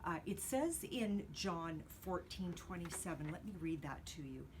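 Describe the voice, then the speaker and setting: Gentle, slow-talking older woman. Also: on the low side, animated, noisy background. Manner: slow, gentle and earnest with many fillers. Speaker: card-making channel host. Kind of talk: craft tutorial chat.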